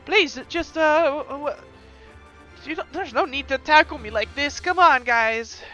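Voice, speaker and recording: A woman's voice: high-pitched, unhurried, bright, forceful tone, soft background music, pitched above the performer's own voice. A woman voicing a panicky shapeshifting kobold thief, pleading and whiny.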